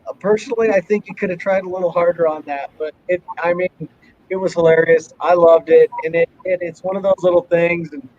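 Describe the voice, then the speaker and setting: A man's voice: sits high, fairly even intonation, a little fast, a little mellow. A man hosting a podcast, casual and enthusiastic, calling his guest brother. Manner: enthusiastic, calls people brother. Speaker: podcast host. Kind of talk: casual chat. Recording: slightly dull sound with faint noise.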